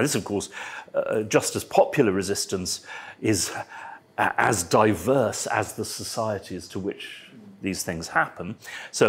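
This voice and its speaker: Low, husky man on a panel. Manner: halting, many fillers and restarts, digressive with dry asides. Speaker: roundtable panelist. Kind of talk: academic panel discussion. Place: symposium panel.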